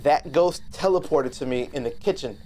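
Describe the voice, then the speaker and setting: Excitable swearing male game streamer. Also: on the high side, moderate pace, slight background noise. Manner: excitable, swearing, rambling with restarts. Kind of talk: live gameplay commentary.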